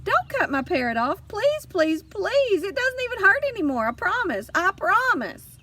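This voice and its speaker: A woman voicing an excitable, dramatic little girl in an audiobook, pleading and squealing. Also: extremely high pitch, normal speed, distant mic, slight background noise, pitched above the performer's own voice, full character voice. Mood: begging. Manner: pleading, bouncy, loud squeals. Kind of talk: audiobook character voice.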